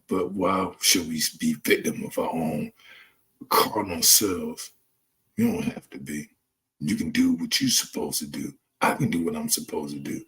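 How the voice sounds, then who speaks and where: Man, lowish voice, preaching hard with loud profane outbursts. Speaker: channel host. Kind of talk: impassioned spoken monologue.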